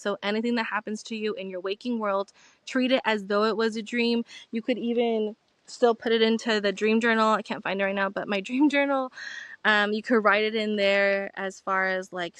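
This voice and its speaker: A woman's voice: on the high side, a bit bright, no echo. A young woman hosting a podcast, telling a rambling, chatty story as she talks outdoors on a rock at the end of a trail. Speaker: podcast host. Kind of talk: casual vlog monologue.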